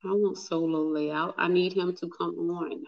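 A woman's voice: on the low side, steady tone, a little slow, creaky, muffled recording. A woman hosting a casual livestream, flustered and chatty, talking straight to her viewers. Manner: flustered, talks to viewers as "y'all". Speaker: livestream host. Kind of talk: casual live chat.

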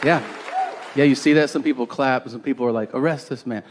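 A man's voice: medium pitch, steady tone, fairly quick. A man doing a stand-up comedy set, telling a crude, exaggerated story and acting out the people in it. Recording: live audience noise. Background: crowd laughter and ambience.

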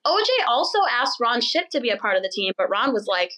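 A young woman hosting a podcast, telling a story in an animated, chatty way and laughing as she goes. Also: on the high side, rough recording. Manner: chatty, animated, laughs while telling, does quick mocking voices for people in the story. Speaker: podcast host. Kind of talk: casual storytelling chat.

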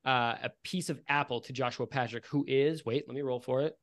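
A man's voice: medium pitch, fairly even intonation, brisk. A man narrating a tabletop game as game master, in a casual, rambling way full of fillers.

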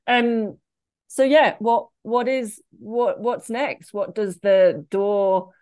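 A woman's voice: medium pitch, slow, darkish tone. A British woman in her forties, a guest chatting casually over a video call in a rambling way. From Great Britain. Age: 40s. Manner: rambling, chatty, wandering sentences.

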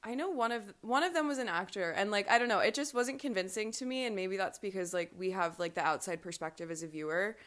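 A woman's voice: mid-range voice, fast, few pauses, fairly bright tone. A woman talking as a podcast guest in casual chat, rambling along and filling her speech with "like.". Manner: rambling, heavy use of "like" fillers. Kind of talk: casual chat recapping a reality show.

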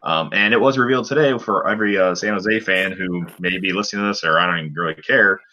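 A man's voice: deep voice, fast talker, pushed and bright, muffled recording. A man on a casual sports podcast, recapping a game in a rambling way with lots of fillers. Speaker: podcast co-host.

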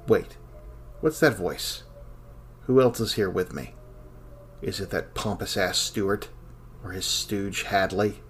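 A lonely, snarky archive scholar, with a very deep voice and a dry, irritable bite. He sounds worn down by long hours alone. Faint ambient noise sits under the voice. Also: slow, pauses often. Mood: wary. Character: weary male archive scholar, sarcastic and lonely. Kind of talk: audio drama acting.

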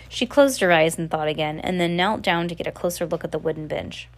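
A woman's voice: on the low side, brisk, few pauses. Casual woman reading aloud, stumbling. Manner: casual, stumbles and rereads words. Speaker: reader. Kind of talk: casual read-aloud of a novel.

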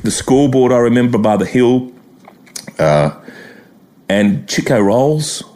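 A man's voice: mid-range voice, animated, a little slow, dark tone. A middle-aged Australian man from Queensland, a guest telling rambling, chuckling anecdotes and mimicking people in a casual interview.

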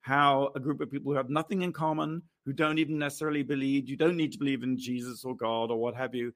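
A man's voice: mid-range voice, level tone, fast talker. A man co-hosting a podcast, talking about a film in a reflective, earnest way. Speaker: podcast co-host. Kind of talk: casual chat, film review.

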